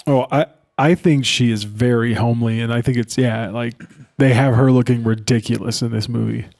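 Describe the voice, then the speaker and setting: A man's voice: mid-range voice, fairly even intonation, moderate pace, creaky, a little mellow. A man co-hosting a podcast, talking about a film in a loose, laid-back way and saying dude a lot. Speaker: podcast co-host. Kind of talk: casual film chat.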